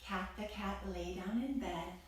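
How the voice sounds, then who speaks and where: A woman, a kids' yoga teacher, telling a story to children in a playful way, greeting the listener with bright rising calls. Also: mid-range voice, unhurried. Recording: roomy echo from far off.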